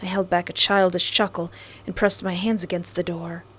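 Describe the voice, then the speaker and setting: A woman's voice: level tone, normal speed, a bit bright, breathy edge. Dramatic young woman reading a visual novel. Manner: dramatic, bursts into shrill screams and playful asides. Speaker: let's play host.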